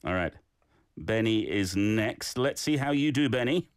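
Lively, playful male radio host. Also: on the low side, measured pace, smooth, no room sound, studio quality. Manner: warm, encouraging and playful. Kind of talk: hosting a radio language segment.

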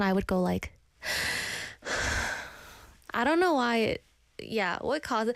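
A woman's voice: a little high, dry recording. A woman in her twenties hosting a casual live radio show, chatty and self-deprecating, a little out of breath as she reads listener comments. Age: 20s.

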